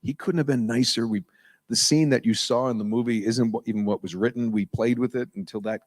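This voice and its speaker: A middle-aged man from New England chats from a convention stage, wandering off on tangents and chuckling between stories. His voice sits at an ordinary middle pitch, and an auditorium crowd is listening. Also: fairly even intonation, a little fast. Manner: rambling, goes off on tangents, chuckles often. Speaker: panel guest, voice actor. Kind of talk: casual stage chat with anecdotes. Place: convention auditorium before a live audience.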